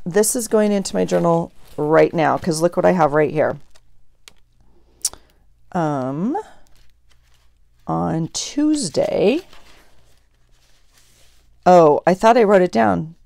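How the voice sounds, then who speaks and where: A woman's voice: low voice, gravelly, warm tone, dry recording. A woman vlogger chatting casually at her craft desk, thinking aloud as she journals and opens mail. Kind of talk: casual chat while journaling.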